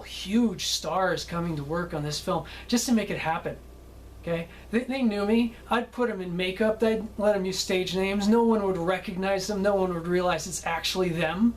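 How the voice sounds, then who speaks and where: A man's voice: high voice, slight background noise, poor audio. A film director telling stories from a film shoot in a chatty way, often tagging his sentences with "okay?" and laughing at his own tales. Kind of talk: anecdotal storytelling.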